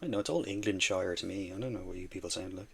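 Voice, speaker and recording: A man's voice: deep voice, rapid-fire, gravelly, slightly rough. A man streaming while he paints miniatures, chatting casually and teasing his viewers playfully.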